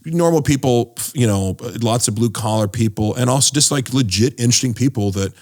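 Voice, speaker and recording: A man's voice: mid-range voice, a little fast, darkish tone. A man telling long road stories in a casual podcast chat, rambling with lots of fillers and acting out what people said. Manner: rambling storyteller, many fillers, acts out quoted voices. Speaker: podcast guest, former tour companion of a comedian.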